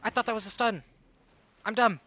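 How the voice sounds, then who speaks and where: A man casting a live game tournament, hyper and excitable, rattling off play-by-play and getting out of breath. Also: sits high, moderate pace. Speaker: tournament caster and streamer. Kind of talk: live esports commentary.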